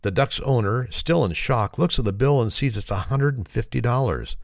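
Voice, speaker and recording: A man's voice: medium pitch, normal speed, vocal fry, few pauses, no echo, studio quality. A man telling corny one-liners and a long shaggy-dog joke, laughing at his own punchlines and apologizing for them. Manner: self-deprecating. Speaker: joke teller.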